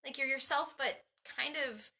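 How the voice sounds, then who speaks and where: A woman's voice: sits high, normal speed, pushed and bright. A woman in a casual behind-the-scenes chat, talking animatedly, acting out quoted dialogue and rambling with fillers and restarts. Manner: chatty, with many fillers and restarts. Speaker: transformation coach.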